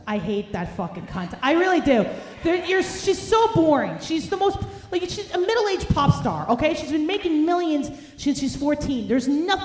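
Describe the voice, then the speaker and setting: A woman's voice: mid-range voice, a little mellow. A woman, doing a brash, profane, ranting stand-up set while hungover. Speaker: stand-up comedian. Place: comedy club stage. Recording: roomy club sound, faint noise.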